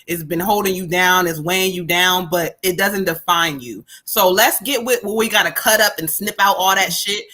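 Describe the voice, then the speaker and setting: A woman's voice: on the low side, moderate pace, hardly any pauses, sharp tone. A woman hosting a casual live-stream chat, laughing often and using slang as she reads viewer comments aloud. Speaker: tarot reader and co-host.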